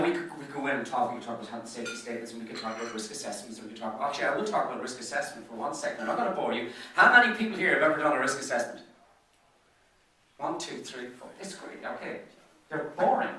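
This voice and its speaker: An Irish man tells business anecdotes to a dinner crowd, talking fast with a bright, forceful tone. He often trips over repeated words as he goes. He sounds far from the microphone in a very echoey room. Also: medium pitch, animated, slight background noise. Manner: chatty storyteller who stutters on repeated words. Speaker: business speaker. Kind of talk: after-dinner business presentation. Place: function room at a golf club.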